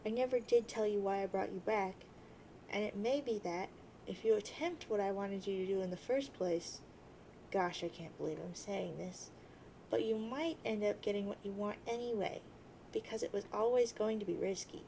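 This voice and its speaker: A woman voicing a patient, guilt-ridden teenage girl who hushes and soothes. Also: medium pitch, steady tone, moderate pace, slight background noise, voice pushed down, natural voice, rough recording. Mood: soothing. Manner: soothing, hushing.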